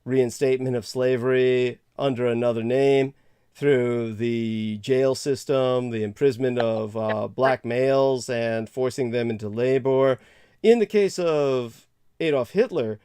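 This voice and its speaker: Long-winded man with a smooth voice. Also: mid-range voice, fairly even intonation, a little slow, dark tone, no room sound. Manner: long-winded, laughs off interruptions. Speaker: podcast host. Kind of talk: rambling monologue.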